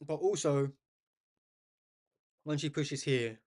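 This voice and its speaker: A man's voice: on the high side, slow, a little mellow. A man commentating live on a chess game for a stream, chatting with viewers and thinking aloud as he goes.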